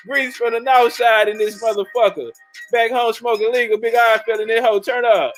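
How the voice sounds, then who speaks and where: A man hosting a casual livestream, loudly and profanely shouting out viewers and joking with his chat. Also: very high voice, level tone, moderate pace, faint music behind, low-quality recording. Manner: loud, profane, hyped-up banter with chat. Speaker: livestream host.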